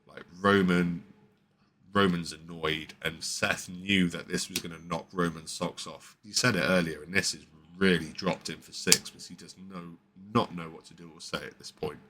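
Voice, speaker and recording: A man's voice: low voice, fairly even intonation, normal speed, pushed and bright, a little hiss or hum. A male podcast host giving a casual, rambling recap with many fillers and restarts. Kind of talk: casual wrestling show recap.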